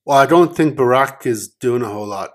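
A man co-hosting a podcast, talking quietly and mumbling as he spins deadpan tall tales in comic banter. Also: medium pitch, fairly quick. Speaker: podcast co-host.

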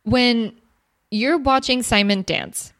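A woman's voice: a little high, slow pace, fairly bright tone. A woman co-hosting a podcast, chatting casually and asking her partner questions about a show. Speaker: podcast co-host. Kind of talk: casual chat recapping a show.

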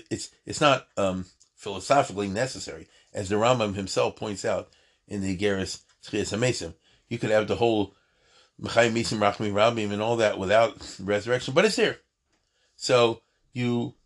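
A man's voice: lowish voice, normal speed. A man teaching an informal lecture on prayer, talking in an emphatic, digressive way with many asides and restarts. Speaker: Torah teacher.

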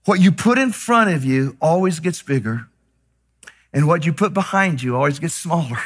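A man preaching a sermon with passion, moving from hushed, slow lines to loud, shouted declarations. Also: a little high, animated. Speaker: pastor.

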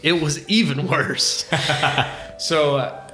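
A middle-aged man co-hosting a podcast, telling stories in a casual, animated way and swearing freely. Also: a little high, slow pace, faint music behind. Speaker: podcast co-host. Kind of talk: casual chat.

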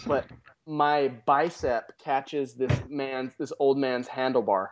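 A man's voice: mid-range voice, steady tone, slow pace, muffled recording, a little hiss or hum. A man guest on a podcast, telling a story casually with many restarts and amused asides. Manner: rambling, self-amused, frequent restarts.

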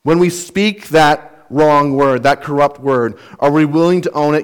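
A man's voice: a little high, unhurried, hardly any pauses, smooth. A man preaching an expository sermon, earnest and emphatic, explaining word meanings and putting rhetorical questions to his listeners. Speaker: pastor.

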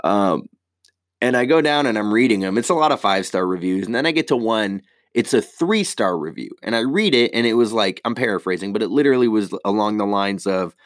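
A man's voice: lowish voice, expressive, a little fast, no room sound, clean studio sound. A man on a casual, rambling rant, heated and swearing heavily.

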